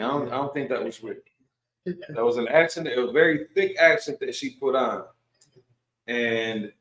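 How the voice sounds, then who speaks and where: A man's voice: mid-range voice, fairly bright tone, reverberant. A man leading an informal Bible study, speaking loosely and with jokes and slang. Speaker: Bible class teacher. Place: room at a religious gathering.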